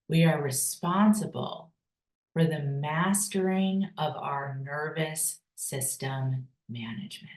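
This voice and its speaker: A woman teaching a personal growth course, calm and deliberate, with pauses for breathing and repeated key phrases. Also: low voice, roomy sound, low-quality recording. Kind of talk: slow guided teaching with breathing cues.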